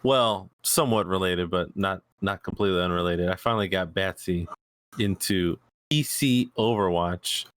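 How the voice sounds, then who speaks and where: A man hosting a gaming podcast in casual chat, relaxed and swearing freely. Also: low-pitched, moderate pace, dry recording. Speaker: podcast host.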